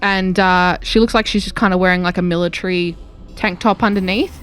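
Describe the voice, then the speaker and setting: Casting note: lower-pitched female player, casual descriptive delivery. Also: steady tone, a little fast, a bit bright, smooth, faint music behind. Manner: thoughtful, describes her character in detail. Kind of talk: casual tabletop play.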